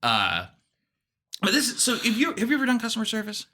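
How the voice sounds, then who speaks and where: A young man, a guest comedian, telling animated stories with lots of fillers and the odd swear. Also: high-pitched, quick pace. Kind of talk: comedic storytelling.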